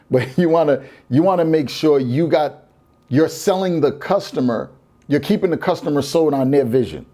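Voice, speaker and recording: A man's voice: medium pitch, warm tone. A man hosting a sales podcast, coaching in a casual way, often repeating words and acting out what customers say.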